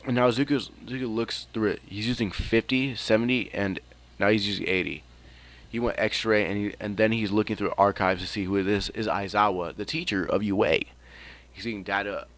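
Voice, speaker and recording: A young man improvises a fan story, rambling casually, swearing freely and laughing at his own jokes. His voice is lowish and fairly bright.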